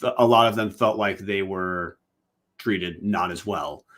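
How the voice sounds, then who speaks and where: A man's voice: deep voice, a little slow, fairly bright tone. A man co-hosting a podcast, asking long, winding questions and correcting himself as he goes. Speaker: podcast co-host. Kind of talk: podcast interview.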